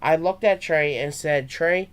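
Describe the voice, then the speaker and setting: Young man, slightly high voice, amateur story reading, small stumbles. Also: moderate pace. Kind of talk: reading his own fan story aloud.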